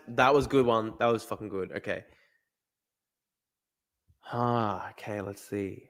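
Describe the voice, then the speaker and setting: A young Australian man streaming live, thinking out loud as he plays a guessing game, swearing often and talking to his chat. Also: fairly low pitch, measured pace, long pauses. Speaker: livestreamer. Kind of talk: casual live-stream commentary.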